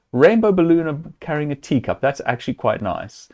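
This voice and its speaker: Streaming a point-and-click adventure, a man talks through the puzzles aloud in a relaxed let's-play style, letting out amused chuckles. His slightly high voice is very animated, with a moderate pace and a darkish tone.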